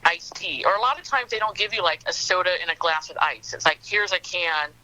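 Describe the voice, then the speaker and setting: A woman's voice: fairly low pitch, expressive, fast talker, sharp tone, poor audio. A middle-aged woman from Southern California, chatting as a podcast guest and rambling with lots of fillers. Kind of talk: casual chat.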